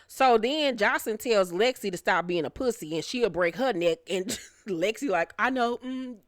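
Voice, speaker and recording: Woman reviewer recapping reality TV, brash and foul-mouthed, close dry sound, mid pitch. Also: animated, normal speed, dry recording. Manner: brash, profane, laughs often. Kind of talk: casual recap commentary.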